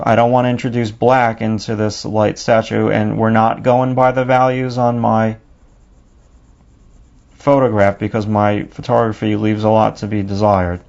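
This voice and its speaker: A man with a lowish, gravelly voice teaches drawing step by step. He is unhurried and talks himself through each stroke as he works. The recording sounds dull and lo-fi. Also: a little mellow. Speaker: drawing instructor.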